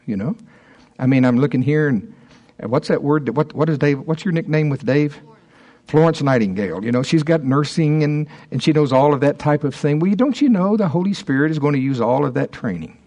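A man's voice: mid-range voice, lively intonation, warm tone. A man in his sixties, a minister teaching a small group in an informal talk, often stopping and restarting his sentences. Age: 60s. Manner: halting, stops and restarts often, chuckles between thoughts.

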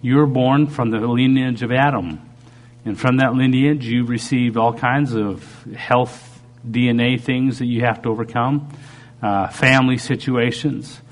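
A middle-aged man preacher giving a halting, earnest personal testimony during a sermon while recovering from a stroke. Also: mid-range voice, fairly even intonation. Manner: earnest, halting, with frequent restarts.

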